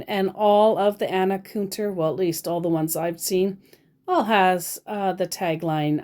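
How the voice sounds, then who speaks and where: A woman's voice: fairly low pitch, measured pace, a little mellow. A woman from Queensland giving dry, exasperated commentary as she reads out a chat with a scammer. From Queensland, Australia. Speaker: scambaiter. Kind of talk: reading out and commenting on a scam chat.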